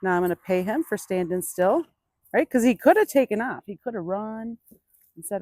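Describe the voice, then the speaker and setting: A woman in an outdoor pen, explaining each step of a training session to viewers. She sounds dry and close, at a middle pitch. Her voice drops to a gentle, coaxing murmur when she speaks to the animal. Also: animated, normal speed, no echo. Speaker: burro trainer. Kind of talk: hands-on training demonstration.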